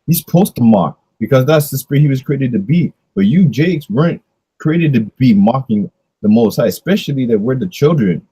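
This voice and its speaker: Man, discussion leader, casual preachy delivery with rhetorical questions, mellow husky tone. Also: medium pitch, animated, moderate pace, no echo, rough recording.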